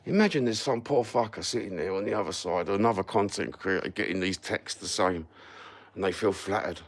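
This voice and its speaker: Cockney bloke ranting on a livestream, gravelly husky voice, lowish, swears a lot. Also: male voice, a little fast. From London. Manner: sweary, sarcastic, rambling. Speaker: YouTube live streamer. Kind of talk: casual live-stream rant.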